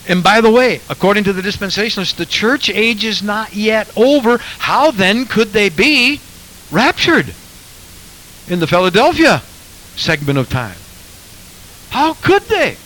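A man delivers a sermon in a bright, forceful voice pitched a little high. He reads scripture aloud and drives home each point with pointed rhetorical questions. A faint hiss sits under the recording. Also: poor audio. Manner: emphatic, rhetorical questions, quotes scripture in King James wording. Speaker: preacher.

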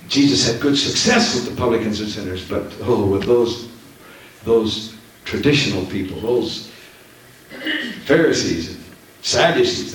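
A man's voice: lowish voice, fairly bright tone. A man preaching a Pentecostal sermon from the platform to his congregation, fervent and full of emphatic repetition. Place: church. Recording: very echoey church hall, mic at a distance, faint noise.

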